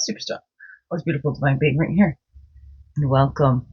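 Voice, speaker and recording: A woman's voice: low-pitched, fast talker, husky. Chatty woman spiritual guide, lo-fi sound. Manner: sing-song greetings, chatty and openly emotional, frequent laughs. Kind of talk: casual daily card-reading video. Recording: dull lo-fi sound.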